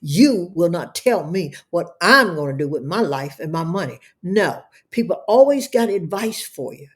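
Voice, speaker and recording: A woman's voice: on the low side, lively intonation, normal speed. A middle-aged woman telling an emotional testimony as an interview guest, speaking in a fervent, preacher-like way and often repeating words. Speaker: guest, entrepreneur.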